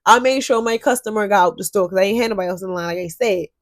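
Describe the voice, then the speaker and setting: An animated young woman recounts a drama from her job as a cashier, cursing freely and calling out to her viewers. Her voice sits at an everyday middle pitch. The sound is dry and close, with no echo. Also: rapid-fire. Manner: animated, profane, talks straight to viewers. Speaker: store cashier telling a story. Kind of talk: storytime vlog.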